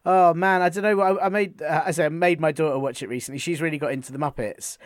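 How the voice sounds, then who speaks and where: A man's voice: on the high side, fast talker, dry recording, studio quality. A man, talking enthusiastically in a casual chat, full of restarts. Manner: enthusiastic, animated storytelling with many restarts.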